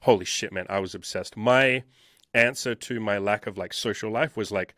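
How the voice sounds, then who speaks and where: Man in his thirties, blunt and emphatic, swears a lot, lowish voice, dry close sound. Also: normal speed, fairly bright tone, dry recording. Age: 30s. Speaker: interview guest, dating coach. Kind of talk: candid personal storytelling.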